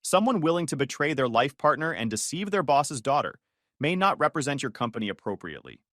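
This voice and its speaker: A male narrator reads a first-person story briskly, in a calm, matter-of-fact way. His pitch moves a lot, and the recording is close and dry, with no echo.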